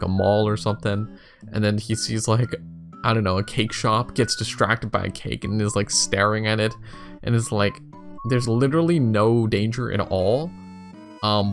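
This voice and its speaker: Rambling low-voiced young man. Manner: rambling, many fillers, thinks aloud. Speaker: YouTuber. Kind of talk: casual commentary for a tier list.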